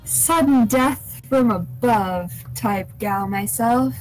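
A woman's voice: fairly high pitch, slow, a little mellow, faint music behind, low-quality recording. A woman playing a tabletop game, chatting in a dry, teasing way. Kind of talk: casual chat.

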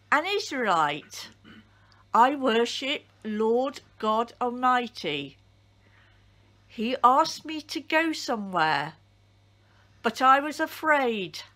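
A woman's voice: fairly high pitch, pushed and bright, full character voice. A woman voicing a miserable, remorseful runaway prophet in a storybook reading, in a resigned tone close to her own voice. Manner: gloomy, resigned.

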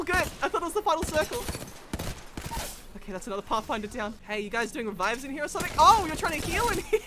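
High-voiced woman yelling thru a shooter game, all over the place pitch-wise, laughing a lot, gunfire going off behind. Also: background noise. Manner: excitable, frantic, laughing often. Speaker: gaming video creator. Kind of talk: live gameplay commentary. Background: game gunfire and effects.

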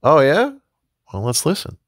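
A woman voicing dim, hapless 1980s husbands in a low, hesitant, mumbling voice. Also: wildly swooping pitch, normal speed, husky, no echo, studio quality, heavily acted.

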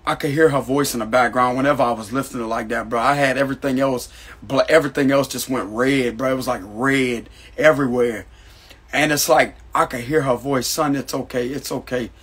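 A man's voice: mid-range voice, fairly even intonation, brisk, fairly bright tone, breathy edge. A man telling a personal story in a casual monologue, talking emphatically and calling the listener "bro" again and again. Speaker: astrology channel host.

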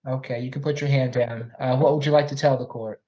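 A man's voice: medium pitch, steady tone, mellow. Stern judge, a man over lo-fi audio. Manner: measured, stern, with frequent fillers. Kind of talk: courtroom questioning by video call. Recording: lo-fi call audio.

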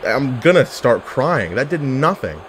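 Male gaming YouTuber, playful trash talk, lively pitch, mid-range voice. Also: unhurried, slight background noise. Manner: animated, yelling at the game, joking. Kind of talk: casual gameplay commentary.

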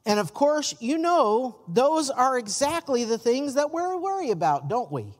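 A man preaching in a church, his pitch rising and falling a great deal as he tells folksy stories. The sound has a long, hall-like reverb. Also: big pitch swings, measured pace. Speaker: pastor. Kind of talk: sermon. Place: church sanctuary.

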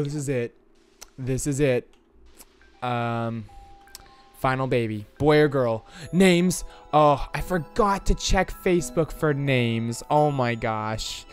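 Chatty man narrating gameplay, smooth voice. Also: medium pitch. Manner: chatty and expressive, talks to viewers. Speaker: let's play host. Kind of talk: casual gameplay commentary.

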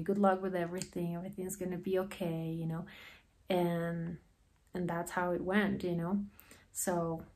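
Heartfelt rambling woman, lower voice. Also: creaky. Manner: heartfelt, rambling, many fillers like "you know" and "like". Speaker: guest telling her story. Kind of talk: emotional personal storytelling.

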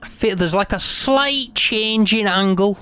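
A man streaming live gameplay, frustrated and swearing, then coaxing himself to stay calm. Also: sits high, measured pace, smooth.

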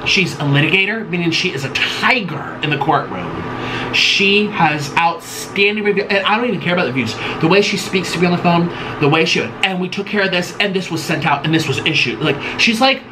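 A man chats his way through a home-kitchen cooking vlog, dramatic, sassy and rambling. His voice sits high and swoops all over the place. Clear background noise runs under the recording. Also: big pitch swings, fairly quick. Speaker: vlogger host. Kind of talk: casual cooking and eating chat.

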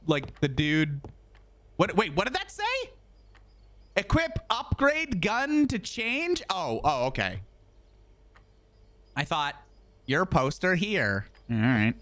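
A man with a slightly high, fairly bright voice streams a video game, chatting casually as he plays. He rambles, jokes, and swears a lot, with a bit of hiss or hum in the audio.

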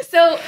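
A bubbly woman in her twenties, chatting casually as a podcast guest, giggling often and saying "like" a lot. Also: very high voice. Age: 20s.

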